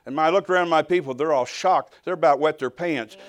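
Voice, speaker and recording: An older man preaching a sermon, telling personal stories in an animated way and acting out the dialogue. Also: fairly high pitch, a little fast, few pauses, some chatter behind. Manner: animated storytelling, acts out dialogue, swells to shouting at climaxes.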